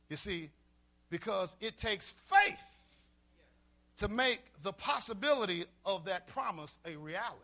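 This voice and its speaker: Delivering a sermon with call-and-response repetition, this pastor keeps returning to key lines for emphasis. He has a high-pitched, sharp-toned voice.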